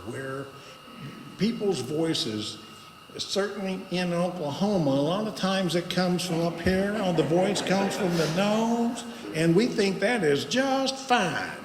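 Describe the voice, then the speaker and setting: A man leads a congregation through a voice exercise at an unhurried pace, leaving pauses between his instructions. His mid-range voice rings through a roomy hall with a long reverb tail, and steady background noise sits under it. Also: high-pitched. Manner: slow, guiding instructions with pauses. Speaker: guest speaker leading a voice exercise. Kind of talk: speaking to a congregation. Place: spiritual center meeting hall.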